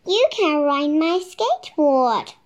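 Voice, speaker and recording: An eager little storybook monkey shouts in a very high, bouncy voice, as a woman reading aloud puts him on. He speaks slowly and sings his words up and down, every line a playful call. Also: big pitch swings, muffled recording, heavily acted. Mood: excited. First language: Chinese. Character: playful excited young monkey, boyish.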